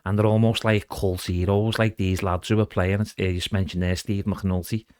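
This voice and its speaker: A middle-aged man talks casually on a podcast, drifting from thought to thought and calling the host "mate". His voice sits on the low side. The recording is close and dry, with no room sound. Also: flat delivery, normal speed, a little mellow, clean tone, no echo. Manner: chatty and rambling, calls the host "mate". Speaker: guest impressionist.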